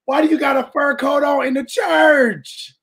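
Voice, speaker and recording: A man giving an impassioned, preaching-style talk, colloquial and animated, often shouting for emphasis to his listeners. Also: very high-pitched, unhurried. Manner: colloquial, calls listeners "baby" and "y'all". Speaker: speaker addressing a church audience.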